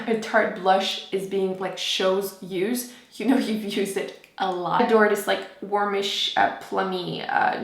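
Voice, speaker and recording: A woman's voice: medium pitch, roomy sound. Chatty young woman reviewing makeup. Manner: chatty and enthusiastic, with fillers and asides. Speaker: beauty vlogger. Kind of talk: casual product review.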